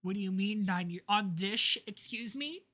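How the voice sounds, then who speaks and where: Bright-voiced woman streamer reacting. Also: medium pitch, normal speed. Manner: loud reactive commentary, jokes and mimicry. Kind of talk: let's-play commentary. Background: lo-fi background music.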